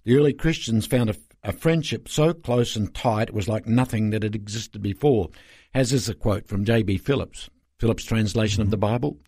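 A man's voice: fairly low pitch, normal speed, darkish tone, slightly rough, dry recording, studio quality. An older man, a pastor telling stories earnestly as an interview guest, rambling with fillers.

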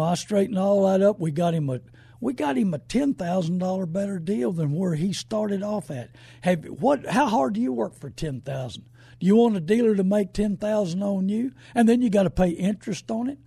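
A man hosting a call-in radio show, talking in a folksy, rambling way that builds to shouting. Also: high-pitched, slightly rough, no echo.

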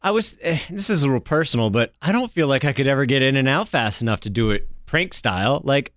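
A man's voice: medium pitch, expressive, quick pace, fairly bright tone, no echo, studio quality. A man co-hosting a radio show, joking around in a self-deprecating way. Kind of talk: casual radio chat.

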